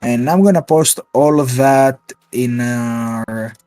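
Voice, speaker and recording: Slow-talking man running a tabletop game. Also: mid-range voice, mellow. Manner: descriptive, with fillers and asides. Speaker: game master.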